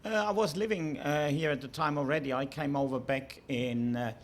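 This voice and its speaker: A man's voice: on the high side, normal speed. Man, dry and laughing. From Germany. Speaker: comedian panelist. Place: festival venue before an audience.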